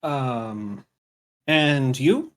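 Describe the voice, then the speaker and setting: A man at a tabletop game session, speaking his character's lines with dry sarcasm and weary exasperation. He talks unhurriedly, at a mid pitch. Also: lively intonation, extremely slow. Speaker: player. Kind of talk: tabletop role-play in character.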